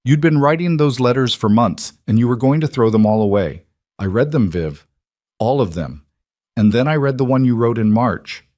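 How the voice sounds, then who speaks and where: A man's voice: on the low side, very animated, normal speed, a little mellow, no echo, clean studio sound. A man voicing an anxious, meddling woman who is careful at first and then blunt. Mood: insistent.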